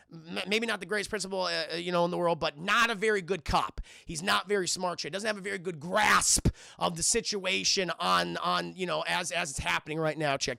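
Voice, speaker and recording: Streamer, male, high and gravelly, profane and animated to live chat. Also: no room sound, studio quality. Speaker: streamer and film reviewer. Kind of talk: casual movie recap to live chat.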